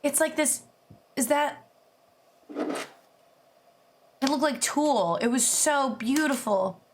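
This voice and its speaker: A woman streamer chatting casually as she reacts to videos, excitable and gushing, swearing freely. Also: high-pitched, takes it slowly, slight background noise. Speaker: VTuber streamer.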